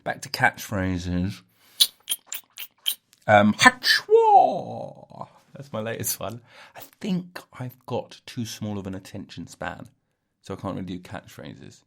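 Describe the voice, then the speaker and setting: A man's voice: sits low, expressive, normal speed, creaky, fairly bright tone. A man hosting a solo comedy podcast, rambling and joking, cutting himself off and laughing at his own jokes. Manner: jokey, self-interrupting, laughs at own jokes. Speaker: podcast host.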